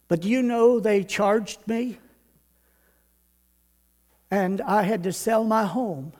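Older man, preacher, sermon, very high voice, emphatic repetition. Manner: builds to loud emphatic repetition, then drops to quiet storytelling. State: out of breath.

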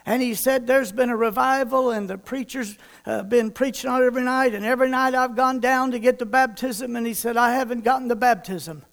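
A man's voice: very high voice, fairly even intonation, a little fast, vocal fry, few pauses, fairly bright tone. A man preaching a sermon, telling a folksy personal story and voicing the people in it.

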